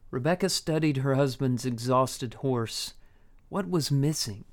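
A man reading a story aloud in measured, unhurried audiobook narration. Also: mid-range voice.

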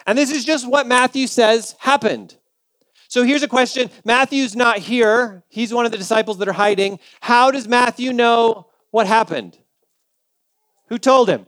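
A man's voice: very high voice, unhurried, fairly bright tone, dry recording. A male pastor preaching a sermon in a conversational, humorous storytelling way.

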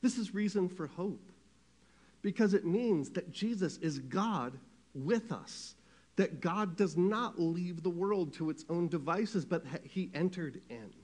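Male preacher, fairly high voice. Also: animated, unhurried. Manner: conversational preaching, asks the congregation questions, swings from loud to hushed. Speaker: pastor. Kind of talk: sermon.

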